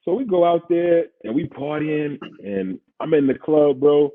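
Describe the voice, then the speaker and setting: Speaking at an unhurried pace in a steady tone, a man whose voice sits on the high side tells a story for his podcast. He's a former pro football player from Queens with a New York accent, casual and slangy, laughing often, his husky voice coming through a tinny, phone-like connection.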